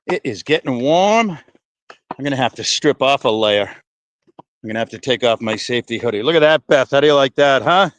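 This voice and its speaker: A man's voice: mid-range voice, lively intonation, moderate pace, dry recording. A man live-streaming while he walks outdoors, chatting loosely and profanely to his viewers and slightly out of breath. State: out of breath from walking. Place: outdoors in wind and breeze.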